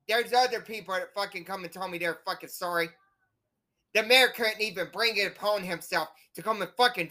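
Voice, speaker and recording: A young woman hosting her own home-made show launches into a bitter, repetitive rant full of profanity, aimed at her viewers. Her mid-range voice is bright and forceful.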